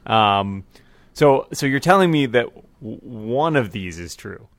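A man's voice: medium pitch, animated, a little slow, no echo. A man co-hosting a podcast, talking casually in a jokey, rambling way with lots of restarts. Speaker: podcast co-host. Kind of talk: casual chat.

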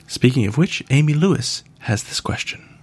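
Podcast host, American man, low gravelly voice, lively delivery, dry jokey asides. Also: moderate pace. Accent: General American. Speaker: podcast host answering listener questions. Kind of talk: casual listener Q&A.

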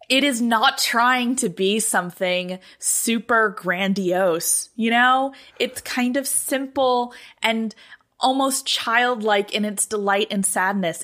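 A woman co-hosting a podcast in casual chat, thinking aloud with lots of fillers and growing animated as she talks. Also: fairly high pitch, slow. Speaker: podcast co-host.

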